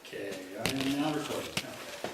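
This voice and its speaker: A man's voice: mid-range voice, brisk, reverberant. A man interviews and explores in a casual, hesitant voice full of little fillers. He is heard from a distance, and the room around him rings. Heavy background noise runs under everything. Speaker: paranormal investigator, interviewer. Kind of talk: interview questions and investigation chatter.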